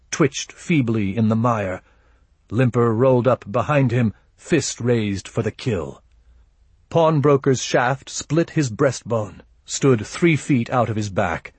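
A man reading a first-person audiobook narration in a measured, grim, low-key manner. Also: slightly rough, no room sound.

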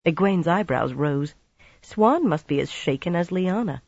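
An audiobook narrator reading fantasy prose in a measured, even manner, in a slightly dull recording. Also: medium pitch, slightly rough, no room sound.

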